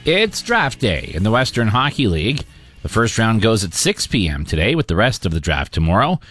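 Lively low-voiced news anchor. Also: male voice, dry recording, studio quality, soft background music. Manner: steady, measured newsreader delivery. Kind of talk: scripted newscast reading.

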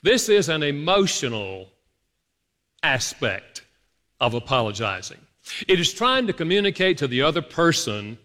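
A man's voice: mid-range voice, a bit bright. A man giving an earnest, emphatic teaching talk to an audience, speaking directly to his listeners. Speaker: speaker on marriage and apology. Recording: long hall reverb.

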